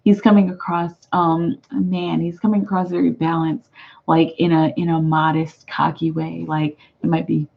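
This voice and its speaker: American lady doing live tarot on stream, lowish voice, kinda dull muffled audio. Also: flat delivery, normal speed, gravelly. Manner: chatty, laughs often, reads viewer comments aloud. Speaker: tarot reader.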